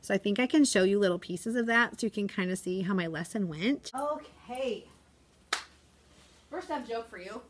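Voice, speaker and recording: A woman teaching a class of young children, animated and expressive, asking lots of questions. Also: medium pitch, normal speed, noisy background. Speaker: elementary school teacher. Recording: echoey classroom, camera far off.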